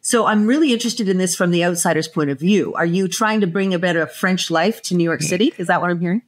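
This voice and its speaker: Brief: North American woman podcast co-host, somewhat low voice, measured and curious. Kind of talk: interview questions.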